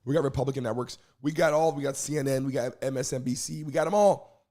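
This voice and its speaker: Though hoarse from having lost his voice, this live stream host talks energetically and casually as he welcomes people in the chat. He speaks quickly, with a medium-pitched, mellow voice.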